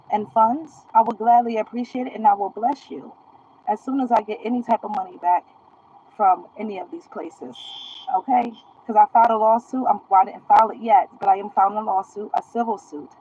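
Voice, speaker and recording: A woman's voice: medium pitch, phone-quality sound. A woman streaming live from her phone, ranting in a defiant, boastful, profane way. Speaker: social media live streamer. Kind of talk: casual live-stream rant.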